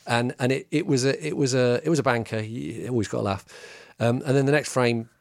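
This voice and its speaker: A man's voice: medium pitch, fairly quick, vocal fry, no room sound. A man, a stand-up comedian co-hosting a podcast, chatting in a self-mocking way and laughing often. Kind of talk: casual podcast chat.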